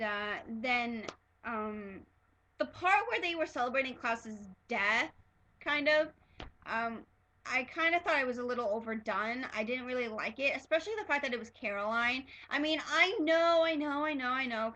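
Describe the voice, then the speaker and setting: Gushing woman with a bright voice. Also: a little high, low-quality recording. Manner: excitable, gushing, many fillers and restarts. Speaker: TV episode reviewer. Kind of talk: casual fan review vlog.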